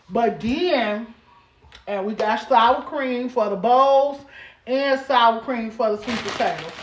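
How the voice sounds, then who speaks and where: Playful mom vlogger woman, kinda high voice, chatty, echoey room at home. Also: slight background noise. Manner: animated, playful, calls viewers baby and girl. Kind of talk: casual chat to camera. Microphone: camera set up on a stand. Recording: roomy echo.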